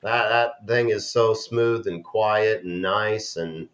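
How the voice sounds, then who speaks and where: A man's voice: lowish voice, slow pace, fairly bright tone. A man chatting casually and eagerly as a guest. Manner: eager, enthusiastic. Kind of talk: casual chat. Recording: dull lo-fi call audio.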